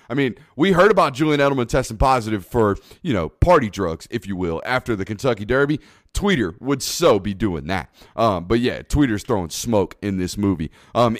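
A man hosting a podcast in casual chat, animated and profane with lots of hype. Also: on the low side, no room sound, clean studio sound. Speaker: podcast host.

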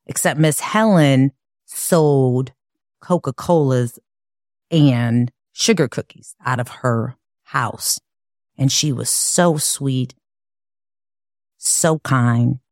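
Woman, from Chicago, personal storytelling, reflective, low-pitched, unhurried. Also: a little mellow, dry recording, clean studio sound. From Chicago, USA. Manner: earnest, measured, reflective. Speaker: podcast guest telling her life story.

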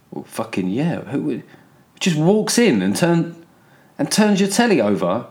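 A man's voice: fairly high pitch, very animated, measured pace. An English man hosting a solo podcast, rambling in a sweary, sardonic way through politics, plugs and listener letters. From England. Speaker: podcast host. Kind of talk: casual solo podcast monologue.

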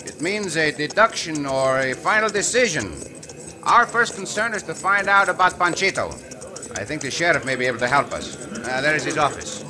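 An actor playing a suave Mexican caballero hero with a Spanish accent, who talks in a formal and precise way in a 1950s radio drama. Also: male voice, fairly high pitch, very animated, moderate pace, a crowd in the background. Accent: put-on Spanish accent. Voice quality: formal, precise, explains words patiently.

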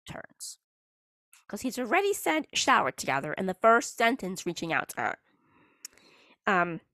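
Female podcast host, mid-pitch, dry close sound, sarcastic and laughing storyteller. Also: fairly bright tone, no echo. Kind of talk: casual chat.

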